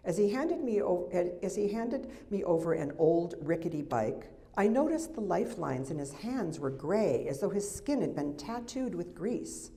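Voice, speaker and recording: A woman in her sixties from the United States reads her memoir aloud at a festival event. Her voice is low and mellow. She slips into wry, chatty asides between passages. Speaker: memoir author. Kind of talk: reading from a memoir to an audience. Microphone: microphone.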